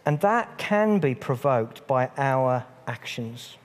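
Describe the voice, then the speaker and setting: A man's voice: medium pitch, expressive, slow pace. Earnest preacher man, long church reverb. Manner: earnest, repeats phrases for emphasis. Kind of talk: sermon. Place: church hall.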